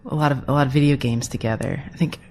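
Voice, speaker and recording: A woman, the show's creator, chatting in an animated, rambling way and laughing often as an interview guest. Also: rumbling low, quick pace. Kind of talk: casual chat.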